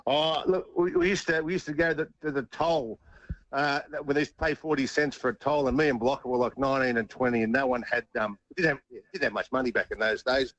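A man's voice: mid-range voice, fairly even intonation, fast talker, a bit bright, no room sound, muffled recording. A middle-aged man with an Australian accent, a former footballer telling stories in an interview, chuckling and repeating words as he goes. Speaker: interview guest, former rugby league player. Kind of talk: casual storytelling interview.

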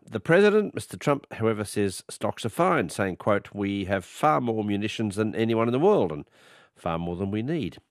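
A man hosting a radio news interview program, speaking in a measured way with frequent fillers. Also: lowish voice, no room sound, clean studio sound. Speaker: radio host.

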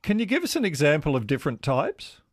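A man with an Australian accent hosting live talkback radio in a studio, brisk and chatty, giving the number and reading texts. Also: a little high, wildly swooping pitch, no room sound. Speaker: radio host.

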